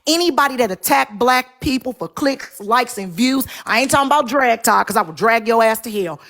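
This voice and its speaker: A woman's voice: a little high, expressive, fairly quick, a bit bright. A woman giving heated, slangy commentary in a casual live-stream chat.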